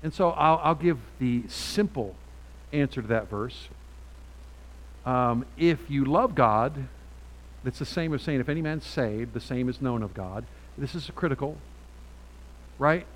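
A man preaching a sermon from a Bible passage, talking in a halting way with many restarts and frequent rhetorical "right?"s. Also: mid-range voice, poor audio.

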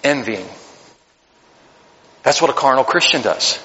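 A man preaching a sermon as pastor, animated and joking, acting out little voices to make his points. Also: high-pitched, fairly quick, muffled recording. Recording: long hall reverb.

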